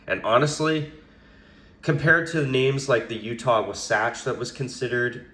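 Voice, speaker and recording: Hoarse raspy man giving opinions. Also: mid-range voice, measured pace, pushed and bright, echoey room. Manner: rambling, hedging opinions with frequent restarts. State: hoarse from a cold. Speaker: hockey commentator. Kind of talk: solo opinion commentary.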